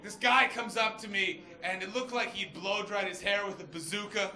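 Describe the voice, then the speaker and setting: A man from Canada performing a stand-up comedy set on a club stage, loud and manic, shouting his punchlines. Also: high-pitched, normal speed. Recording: echoey club with loud crowd laughter.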